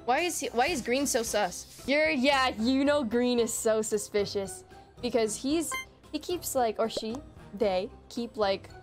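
Young woman with a high voice gabbing over her game, game music playing behind her. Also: unhurried. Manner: chatty, accusing other players playfully. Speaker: gaming video host. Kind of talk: casual excited game commentary.

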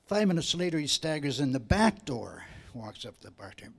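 A male comedian tells stand-up jokes in a chatty storyteller's way. He has a slightly high voice and slips into quick voices for the people in his jokes. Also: sing-song, gravelly. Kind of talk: stand-up joke telling.

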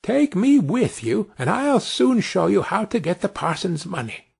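A man's voice: very animated, a little slow, gravelly, husky, heavily acted. Tom Thumb, a man voicing a tiny cheeky boy. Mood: eager. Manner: high, bold and mischievous, calls out loudly.

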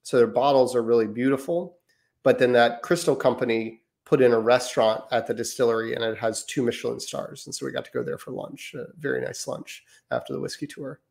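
A man's voice: mid-range voice, a little fast, creaky, darkish tone. A man co-hosting a parenting podcast, chatting casually and telling wry stories about his kids. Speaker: podcast co-host.

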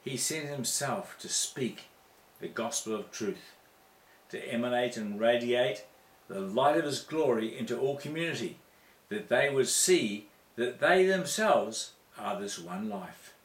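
A man preaching an impassioned spiritual sermon into a handheld mic, rhythmic and repetitive, leaping to sudden high exclamations. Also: expressive, a little slow, roomy sound.

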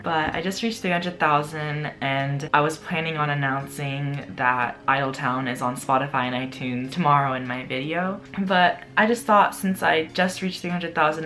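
A young adult man chats casually to the camera for his vlog, giggly and full of "like" fillers. His voice is fairly high with a sharp tone.

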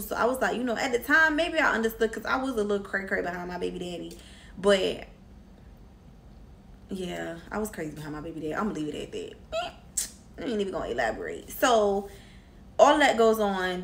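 A woman's voice: mid-range voice, a little hiss or hum. A young woman, a vlogger, telling a candid, slangy story time, swearing freely as she goes. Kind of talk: casual storytime.

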